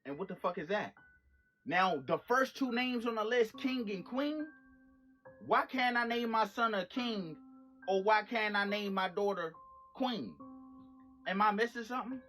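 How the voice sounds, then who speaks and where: High-voiced man ranting casually to camera. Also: animated, a little slow, bright, forceful tone, faint music behind. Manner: indignant, blunt, slangy. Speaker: social media commentator.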